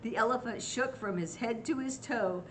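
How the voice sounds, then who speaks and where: An older woman reading a picture book aloud to children, pausing to ask them gentle questions. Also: a little high, slight background noise, low-quality recording. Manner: gentle, asks young listeners questions.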